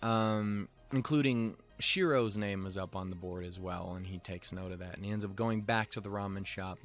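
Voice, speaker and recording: A man's voice: deep voice, moderate pace, soft background music. A man giving a casual episode recap with rambling, restarting sentences and offhand swearing. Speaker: show reviewer.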